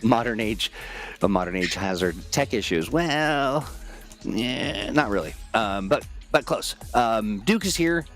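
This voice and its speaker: A man's voice: fairly low pitch, expressive, a little slow, fairly bright tone, faint music behind. A man hosting a casual livestream chat, playful and self-deprecating, reading viewers' comments aloud. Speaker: livestream host.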